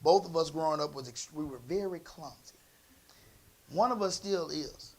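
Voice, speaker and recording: A middle-aged male pastor preaching in a folksy, conversational way, dropping into soft asides and then rising into emphatic bursts. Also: on the high side, normal speed. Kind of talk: storytelling sermon.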